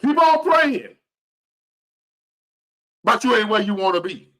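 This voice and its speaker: A man's voice: sits high, animated, slow pace, bright, forceful tone. A man in his fifties giving a blunt, profane, preachy motivational rant to the camera. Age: 50s. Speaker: vlogger.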